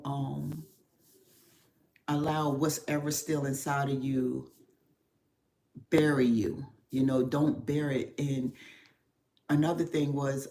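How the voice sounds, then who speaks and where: Low-pitched and emotional, a middle-aged spiritual therapist confides in her livestream viewers in a personal, confessional talk. Her speech is slow and reflective, heavy with pauses and soft fillers as she reaches for words.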